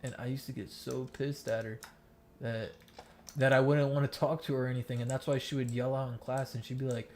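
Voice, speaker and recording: A young man from the Miami area talks on a gaming headset while he plays, spilling a painful personal story. His delivery is rambling and profane, full of fillers and restarts, with a flat, level pitch. A faint computer hum sits under his voice. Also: brisk. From Miami area, United States. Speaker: gamer in voice chat, active soldier. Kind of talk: casual storytelling during gameplay.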